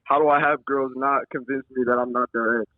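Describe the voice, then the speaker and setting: A man's voice: medium pitch, fairly even intonation, brisk, no room sound. A young man calling in to a podcast, talking in a laid-back, slangy, sheepish way over a phone line. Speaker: caller. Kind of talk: casual phone call. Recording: tinny phone line, dry.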